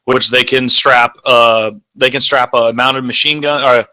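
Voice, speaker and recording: Young man, casual podcast co-host, crude rambling talk, very bright voice, middle pitch. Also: steady tone, measured pace. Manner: rambling, crude, self-correcting. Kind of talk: casual chat.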